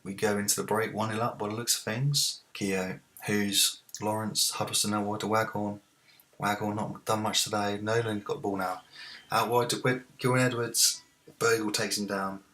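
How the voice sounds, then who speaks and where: A man hosting a let's-play, commentating on a football management game and shouting at the big moments. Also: on the low side, level tone, moderate pace. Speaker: gaming video host.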